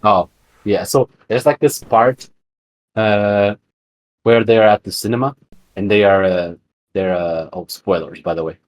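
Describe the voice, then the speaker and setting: A man with a lowish voice chats casually as a podcast co-host. He wanders through his points with plenty of fillers and false starts. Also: fairly even intonation, a little slow, pauses often. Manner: rambling, full of fillers and restarts. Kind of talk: casual chat.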